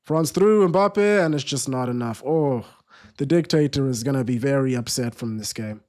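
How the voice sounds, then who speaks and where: A man's voice: medium pitch, steady tone, a little fast, a little mellow. A man hosting a live football watchalong stream, chatting casually, restarting sentences and reading viewer comments aloud.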